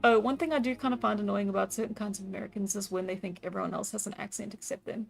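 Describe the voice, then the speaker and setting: A live-streaming artist chats casually with her audience while drawing, giggling often and reacting to chat, with faint music in the background. Her medium-pitched voice is creaky and steady in tone, and she speaks very fast.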